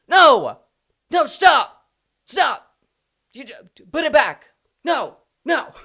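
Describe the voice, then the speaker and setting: A shrieking chorus of horrified fans, put on by a streamer, yelling in a frantic, high-pitched rush. The voice jumps far above its usual pitch and comes out loud and piercing. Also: big pitch swings, extremely slow, vocal fry, heavily acted. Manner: shrill, frantic shouting.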